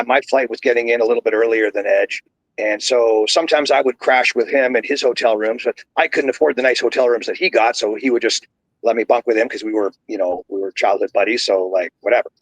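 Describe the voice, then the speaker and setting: A man's voice: mid-range voice, no echo, poor audio. Rambling middle-aged man telling a story. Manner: rambling, many fillers and restarts. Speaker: podcast guest, wrestler and coach. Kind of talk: casual storytelling.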